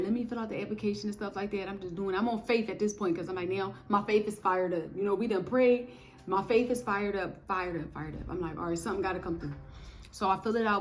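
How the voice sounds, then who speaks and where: A young woman telling her faith testimony in a lively, preachy way, talking straight to her viewers. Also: medium pitch, slight background noise. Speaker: testimony speaker. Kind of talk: casual spoken testimony.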